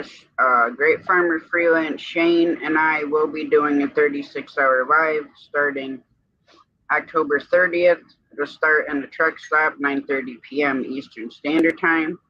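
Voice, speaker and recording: A man's voice: on the high side, no echo, dull audio. A man hosting a livestream in casual chat, talking through his plans at length. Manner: chatty, explains plans at length. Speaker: livestream host.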